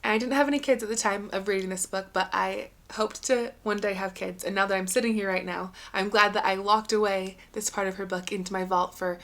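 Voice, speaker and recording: A woman's voice: mid-range voice, fairly even intonation, brisk, hardly any pauses, fairly bright tone. A young adult woman hosts her own podcast alone. She talks in an earnest, encouraging way and keeps it conversational and direct. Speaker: podcast host. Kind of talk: solo podcast talk.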